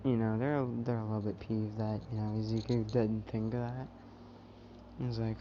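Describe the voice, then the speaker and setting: A man's voice: fairly low pitch, little pitch movement, normal speed. Young guy rambling thru a fan story, lots of "you know", muffled hissy mic. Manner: rambling, full of fillers. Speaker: YouTube storyteller. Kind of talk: casual fan story retelling. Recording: dull, noisy home mic.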